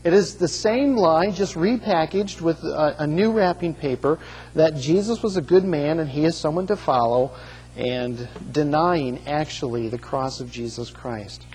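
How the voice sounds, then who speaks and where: Man, pastor, sermon, somewhat high husky voice, rhetorical questions, long hall reverb. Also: a little slow, a little mellow, a little hiss or hum. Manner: earnest preaching with rhetorical questions and restarts.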